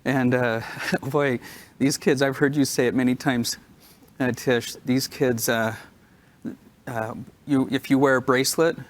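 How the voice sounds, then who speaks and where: Emotional, halting man speaking on stage. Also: medium pitch, fairly even intonation. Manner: emotional, halting, hesitant fillers. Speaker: creative director. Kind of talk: impromptu stage remarks. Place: convention stage.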